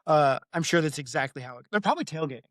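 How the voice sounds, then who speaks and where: A chatty co-host on a book podcast, trading jokes and comparing a story with its film version. The voice sits at a middle pitch and comes across close and dry, with no room sound. They drop into silly voices while telling anecdotes. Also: expressive, racing, fairly bright tone, dry recording. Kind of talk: casual chat.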